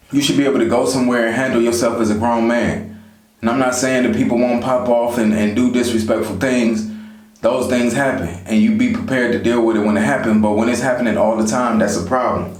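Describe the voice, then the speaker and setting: A man vlogging life advice in a casual, conversational way, talking straight to his viewers and often saying "you know". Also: medium pitch. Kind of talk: casual motivational talk to camera. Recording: echoey room.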